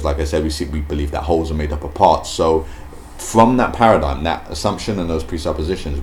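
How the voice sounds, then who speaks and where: A man with an extremely deep, low voice talks through ideas in an unscripted, thinking-aloud way. He hesitates often, with fillers and restarted phrases. A faint noise sits under the recording. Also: darkish tone. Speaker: video host. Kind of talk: casual spoken commentary.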